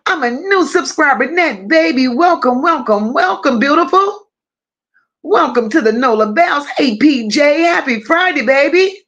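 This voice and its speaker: A woman hosting a casual livestream, greeting her chat one by one with drawling, affectionate shout-outs. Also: high voice, animated, unhurried, lo-fi sound. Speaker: livestream host.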